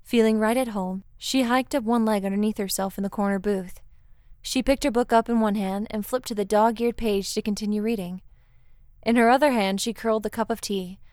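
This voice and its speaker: A woman narrating a romantic story in a calm, unhurried reading. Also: mid-range voice, dry recording, studio quality.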